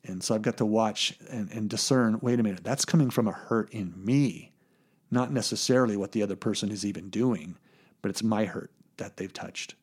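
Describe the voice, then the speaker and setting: A man's voice: on the low side, moderate pace, a little mellow, husky. Earnest plainspoken male preacher. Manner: earnest, plainspoken, repeats words while thinking. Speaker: pastor. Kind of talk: sermon.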